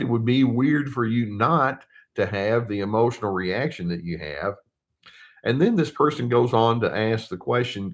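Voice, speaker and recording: An older man, a therapist hosting his channel, giving casual advice to viewers in a gentle, reflective way with many pauses and restarts. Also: fairly low pitch. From United States. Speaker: therapist host.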